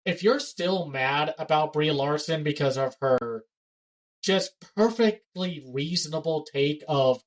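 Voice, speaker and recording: A man's voice: on the high side, low-quality recording. A man co-hosting a casual pop culture podcast, blunt and given to ranting. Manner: blunt, ranting, fast-talking. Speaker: podcast co-host.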